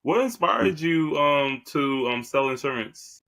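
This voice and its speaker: A man hosting a casual podcast, asking questions in a halting way with many fillers. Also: on the high side, lively intonation, gravelly, a bit bright. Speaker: podcast host.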